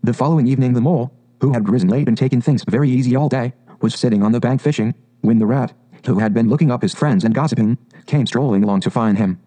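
A man reads a classic storybook aloud, measured and even. His voice is warm and mellow, pitched in a middle range. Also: low-quality recording. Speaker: narrator. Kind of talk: storybook reading.

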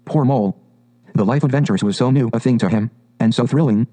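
Mellow-voiced man reading a storybook. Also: mid-range voice, rough recording. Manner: measured, expressive reading. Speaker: audiobook narrator.

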